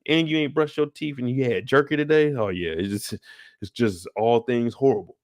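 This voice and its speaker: A young adult man hosts a YouTube show recap, going over a TV episode with casual, profane commentary at medium pitch and normal speed. He acts out scenes with voices and sound effects, sighing between lines and sounding tired. The recording is studio quality with no room sound.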